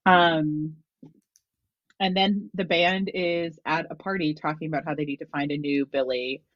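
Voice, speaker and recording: A woman's voice: sits low, a little slow, no echo, highs cut off. A woman co-hosting a podcast, chatting casually about a TV show and telling family stories with lots of laughter. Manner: animated storyteller, laughs a lot, acts out quotes. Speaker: podcast co-host.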